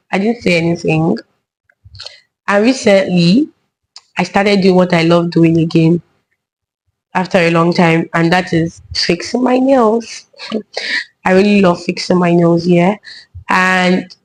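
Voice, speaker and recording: Slow-talking woman, chatty vlog. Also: on the low side, fairly even intonation, rough recording. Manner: chatty, frequent tag questions. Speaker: vlogger and children's church teacher. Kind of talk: casual vlog monologue.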